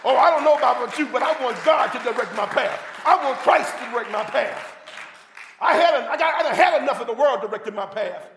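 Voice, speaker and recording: Man, preacher, sermon, fervent, shouted bursts, call-and-response, very high voice, long hall reverb. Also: animated, brisk, a crowd in the background, background noise.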